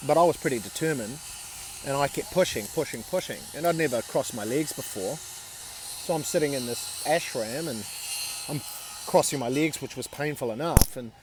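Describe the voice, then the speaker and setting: A man's voice: mid-range voice, normal speed, noisy background. Candid man in his forties telling a story. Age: 40s. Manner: candid, swears freely, many fillers. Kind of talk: casual personal storytelling.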